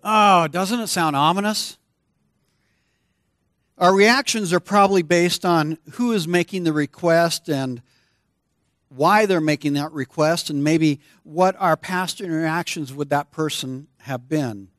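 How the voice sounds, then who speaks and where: A man's voice: fairly high pitch, a little slow, a bit bright, dry recording, clean studio sound. A man preaching a sermon as pastor, conversational and playful with his congregation.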